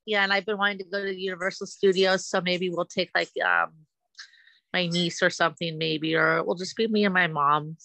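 Earnest guest athlete, a woman from the United States who talks haltingly in a low, bright, gravelly voice. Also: fairly even intonation, dry recording, poor audio. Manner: earnest, halting, repeats herself. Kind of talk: casual interview chat.

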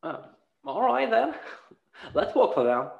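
A man hosting a casual podcast, chatty and laughing often, with lively asides. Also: sits high, slow, gravelly. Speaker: podcast host. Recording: roomy, dull lo-fi sound.

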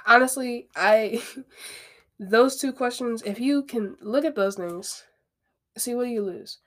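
A podcast host gives a casual self-help monologue in a slightly high, somewhat bright voice, speaking slowly. She's candid and chatty, often drifting into asides and repeating phrases.

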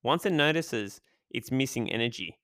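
A man's voice: mid-range voice, normal speed, no room sound, clean studio sound. Hyped-up man hosting a podcast. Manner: hyped, energetic, chatty. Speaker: podcast host. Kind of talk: casual podcast monologue.

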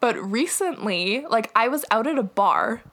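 A young woman from Canada, a podcast guest chatting over a video call, telling animated stories with lots of "like" and laughter. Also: a little high, moderate pace. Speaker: guest, TikTok creator. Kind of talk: casual podcast chat. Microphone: remote video call.

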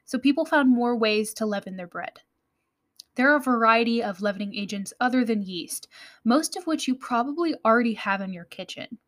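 An American woman hosting a baking podcast. Her voice sits a little high, and she explains in a friendly manner with light laughs and the odd self-correction. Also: lively intonation, a little fast, a bit bright. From United States. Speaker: podcast host. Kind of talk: scripted podcast narration.

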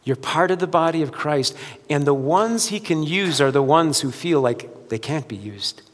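A man preaching a sermon as pastor, swinging between loud urgent preaching and quiet, soft-spoken appeals. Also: fairly high pitch, animated, moderate pace, big-room sound.

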